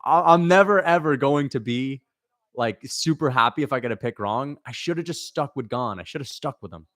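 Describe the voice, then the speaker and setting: A man's voice: medium pitch, normal speed, a bit bright, dry recording, studio quality. Frustrated young man ranting on a livestream. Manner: frustrated, swearing, repeats himself. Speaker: livestream host reading chat. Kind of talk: casual livestream reaction.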